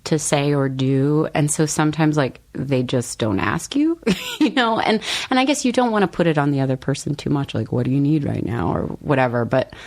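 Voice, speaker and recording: Low-voiced woman author, thoughtful and laughing. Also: expressive, brisk. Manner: thoughtful, laughs often, many fillers. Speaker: author guest. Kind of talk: casual conversation.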